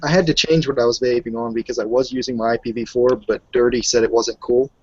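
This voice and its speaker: A man co-hosting a podcast in casual chat, relaxed and giggly. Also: mid-range voice, fast talker, breathy edge. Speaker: podcast co-host. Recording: dry, muffled lo-fi mic.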